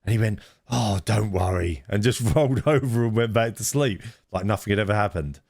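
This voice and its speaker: Middle-aged podcast co-host, deep voice, lively anecdotal delivery, dry studio mic. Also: male voice, fast talker, no echo. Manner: animated storyteller, laughs often, many restarts. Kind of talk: casual storytelling chat.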